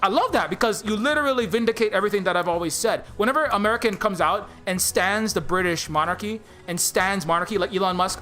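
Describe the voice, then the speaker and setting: A man's voice: high-pitched, fast, few pauses, bright, forceful tone, faint music behind. A man on a live stream, ranting sarcastically and mockingly, stumbling through many stammered restarts. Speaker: indie game developer streaming live. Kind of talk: rambling livestream rant.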